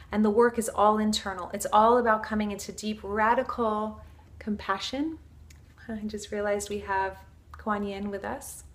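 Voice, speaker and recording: Earnest woman giving a spiritual talk. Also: mid-range voice. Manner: earnest, flowing, with many fillers like "like" and "you know". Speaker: spiritual teacher. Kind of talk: casual teaching talk.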